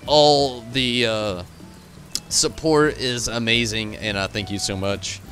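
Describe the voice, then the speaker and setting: A man's voice: mid-range voice, steady tone, takes it slowly, fairly bright tone, soft background music. A tired, frustrated man signing off his stream, rambling and swearing as he thanks his chat. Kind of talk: casual stream sign-off to chat.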